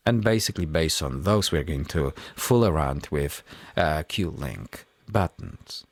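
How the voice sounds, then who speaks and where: Very deep-voiced, slow-talking male instructor. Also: animated, no echo. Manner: measured, step-by-step explaining. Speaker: music production instructor. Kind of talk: tutorial walkthrough.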